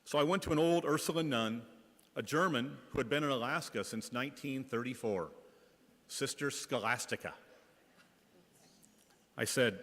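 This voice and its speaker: Man from the Bay Area, school principal, mid-pitched, wry anecdotal delivery in a church with long reverb. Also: moderate pace, long pauses, a bit bright. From Bay Area, California. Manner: wry, anecdotal, light comic timing. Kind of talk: humorous storytelling reflection in church.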